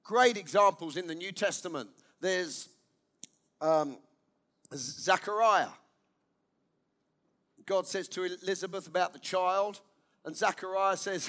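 A man's voice: high voice, unhurried, long pauses, a bit bright. A man preaching a sermon as pastor, emphatic, repeating key lines and asking his listeners questions.

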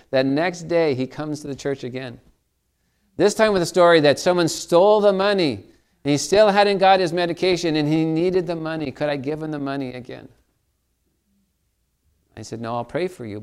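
Smooth-voiced male pastor preaching. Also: a little high. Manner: conversational storytelling, asks the listeners questions. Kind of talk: sermon.

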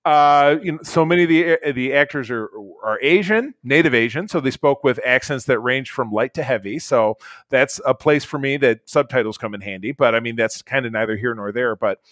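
A man's voice: mid-range voice, moderate pace, fairly bright tone, dry recording. A man co-hosting a casual chat, reviewing a movie in a blunt, rambling way with lots of fillers and restarts. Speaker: podcast co-host, movie reviewer.

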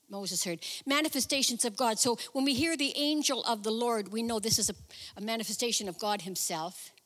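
A woman preaching a sermon, retelling a Bible story in a chatty, animated way with personal asides. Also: mid-range voice. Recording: reverberant hall.

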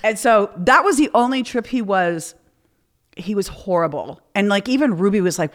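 A woman's voice: mid-range voice, expressive, normal speed. A woman guest on a podcast, telling candid stories in casual chat and acting out the people she quotes. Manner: candid storytelling with acted-out quotes.

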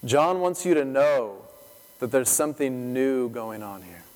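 A man preaching a sermon, retelling scripture as a lively story full of rhetorical questions. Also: mid-range voice, unhurried, big-room sound, poor audio. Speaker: pastor.

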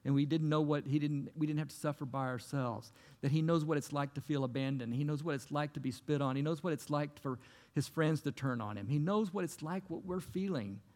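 A man's voice: a little high, brisk, darkish tone, big-room sound. A man preaching a sermon as a pastor, earnest and conversational, with repeated phrases.

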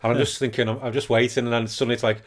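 A man's voice: medium pitch, level tone, rapid-fire. A British man co-hosting a podcast in casual chat, rambling and correcting himself as he tells stories. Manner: rambling, self-correcting storyteller. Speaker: podcast co-host.

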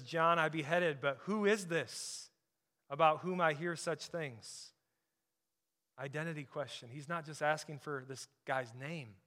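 Male pastor, sermon, bright clear voice, slightly high, emphatic then hushed. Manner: emphatic preaching, drops to soft intensity on key points.

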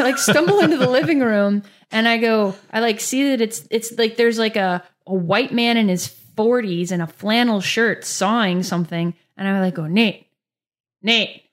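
Female co-host, slightly high voice, animated storyteller, swears a lot. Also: normal speed. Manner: animated, swears freely, acts out her own past shouting. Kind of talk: casual storytelling chat.

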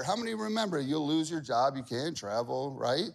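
A man preaching a sermon, reading scripture aloud with acted-out voices, jumping from loud emphatic lines to quiet asides. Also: a little high, animated, normal speed, vocal fry, few pauses. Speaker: pastor.

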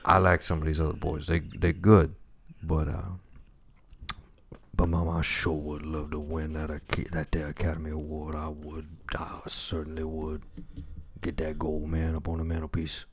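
A man's voice: extremely low pitch, monotone, normal speed, breathy edge, full character voice. A man putting on a drawling Southern crooner voice, pleading with his mama for an award.

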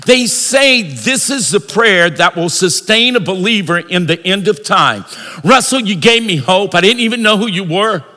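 Pastor guy preaching loud, sharp forceful tone, shouts now and then, big echoey church. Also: sits high, animated, normal speed. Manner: preaching with call-and-response, rising to shouts. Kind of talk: sermon. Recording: long reverb of a large hall.

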